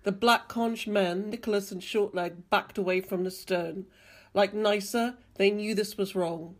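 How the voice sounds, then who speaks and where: A woman reading a novel excerpt aloud with expressive narration. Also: medium pitch, a little slow. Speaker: reader. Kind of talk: audiobook reading.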